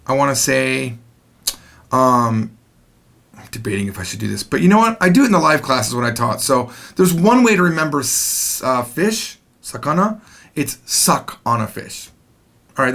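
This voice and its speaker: A man teaching a video language lesson, explaining in a chatty, animated way. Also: mid-range voice, gravelly.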